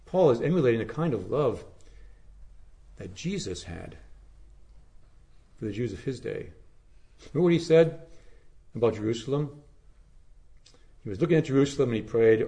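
A male pastor delivering a slow, emphatic sermon, letting his phrases fall to a hush at the ends. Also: medium pitch, animated. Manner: slow, emphatic preaching with hushed, falling phrase endings.

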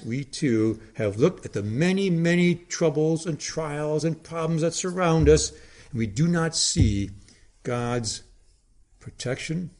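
Man preaching with dramatic pauses. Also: on the high side. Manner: dramatic, with emphatic pauses and sudden drops to a hush. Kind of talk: sermon.

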